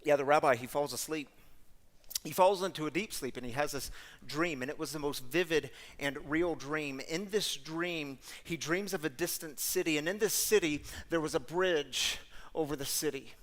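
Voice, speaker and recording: A man serving as guest storyteller, delivering a sermon-style story in an animated, conversational way and speaking directly to the audience. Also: high-pitched, in a large hall.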